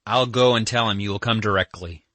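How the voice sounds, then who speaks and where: A man's voice: lowish voice, brisk, a bit bright, dry recording, close to an everyday voice. A man reading an audiobook, voicing an earnest young man who urges and pleads with heavy emphasis. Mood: insistent.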